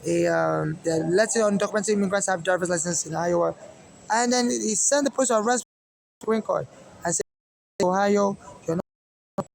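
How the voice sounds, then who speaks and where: High-voiced man with a Nigerian accent. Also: normal speed, gravelly, long pauses, a little hiss or hum. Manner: agitated, rambling, many fillers and restarts. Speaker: activist vlogger. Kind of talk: monologue to camera.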